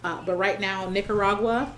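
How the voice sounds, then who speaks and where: A woman's voice: mid-range voice, steady tone, normal speed, fairly bright tone. A woman giving sassy, playful reaction commentary on a beauty pageant, laughing often as she talks.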